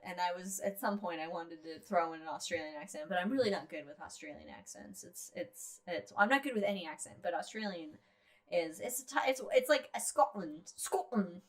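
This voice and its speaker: A woman's voice: fairly low pitch, a little fast. A woman co-hosting a casual podcast chat, giggly and jokey, trailing off with fillers. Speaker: podcast co-host. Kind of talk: casual chat over drinks.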